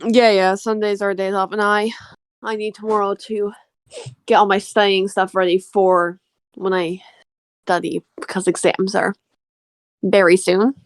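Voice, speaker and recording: A woman's voice: mid-range voice, flat delivery, measured pace, pauses often, no room sound. A young woman from Canada chatting casually on a game stream, often laughing at herself and filling her speech with "like". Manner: laughing, self-deprecating, lots of "like".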